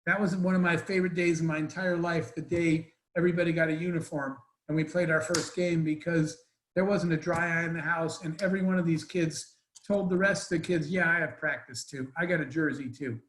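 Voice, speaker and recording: A man's voice: a little high, flat delivery, fairly quick, roomy sound, poor audio. A man telling an emotional story as a guest speaker in an online Q&A, earnest and rambling with restarts, over a video call.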